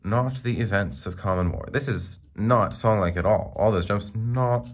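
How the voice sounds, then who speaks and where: Recorded on a phone, a young music student gives a halting class presentation about a song, full of ums and false starts. He speaks at a moderate pace in a lowish voice.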